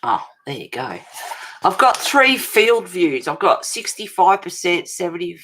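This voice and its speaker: Middle-aged woman, deep voice, chatty home livestream host, talks with viewers by name over a webcam, fussy about detail. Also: big pitch swings, a little slow, a bit bright, slight background noise. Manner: chatty, answers viewers' comments with endearments; self-described fussy and pedantic. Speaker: livestream host of a colouring channel. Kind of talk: casual livestream chat. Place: home, at a table.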